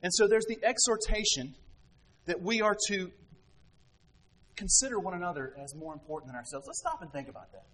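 A man's voice: high-pitched, lively intonation, a little fast, a bit bright, rough recording. A man giving a conversational sermon as a pastor, often asking rhetorical questions.

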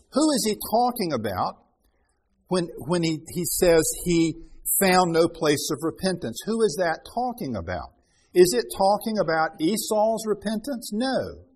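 A man's voice: sits high, sing-song, measured pace, darkish tone, slightly rough. A man preaching a Bible-teaching sermon, reading scripture aloud with rising emphasis and then explaining it in loose, restarting talk.

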